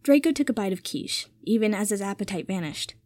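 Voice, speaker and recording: A woman hosting a fan fiction reading, telling the story in an even, clear way. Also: medium pitch, fairly quick, no echo.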